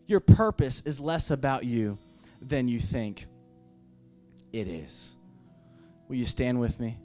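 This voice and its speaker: A man's voice: medium pitch, slow pace, dark tone, faint music behind. A man preaching a sermon as pastor, impassioned, with emphatic repeated phrases.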